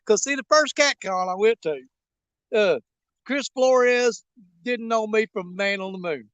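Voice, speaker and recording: A man's voice: high-pitched, measured pace, fairly bright tone, clean tone, dry recording. A man hosting his fishing channel, chatting casually and jokingly with his viewers from outdoors by a river. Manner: rambling, folksy, jokey, with frequent fillers. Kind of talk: casual live-stream chat to viewers.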